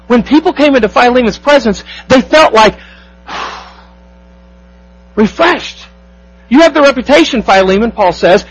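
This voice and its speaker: A man preaching a sermon as pastor, emphatic, asking the congregation rhetorical questions and slowing down to stress key phrases. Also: very high-pitched, fairly bright tone, low-quality recording.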